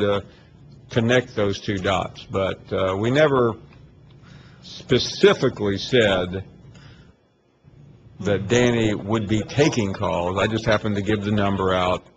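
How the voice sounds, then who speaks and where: A man's voice: lowish voice, slight background noise, rough recording. A man hosting a call-in sports radio show, defensive and wry, who stammers and restarts often. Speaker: radio talk show host.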